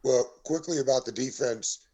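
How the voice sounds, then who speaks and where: A man on a casual sports podcast gives his views in a measured, matter-of-fact way. His voice sits in a middle pitch. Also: mellow. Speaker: podcast guest.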